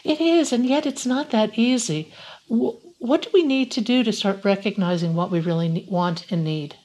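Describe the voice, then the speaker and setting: A woman's voice: mid-range voice, moderate pace, a little mellow. A woman hosting a podcast interview, speaking in a reflective, thoughtful way. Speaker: podcast host. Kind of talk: interview conversation.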